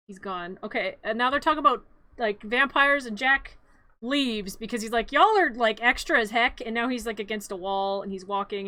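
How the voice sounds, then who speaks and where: A woman's voice: on the high side, sharp tone, dry recording. A woman streamer who narrates a home-made parody in a playful, rambling, jokey way. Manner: giggly, rambling, jokey, with many restarts.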